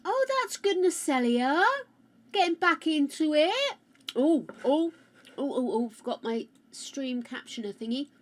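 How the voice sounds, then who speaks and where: A chatty woman streamer talks straight into a close microphone. Her voice sits a little high and swings widely up and down. She is loud by habit and wanders from one aside to the next. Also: very animated, a little slow. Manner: chatty and loud, greets chat by name, rambling asides. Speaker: live streamer. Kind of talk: casual live-stream chat with viewers. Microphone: close-up streaming mic.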